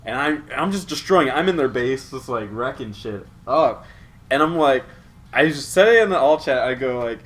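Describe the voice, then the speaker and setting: A man's voice: mid-range voice, expressive, moderate pace, fairly bright tone. A man co-hosting a podcast in casual chat, telling embarrassing gaming stories about himself and laughing at them. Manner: self-mocking, laughs at his own stories. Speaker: podcast co-host.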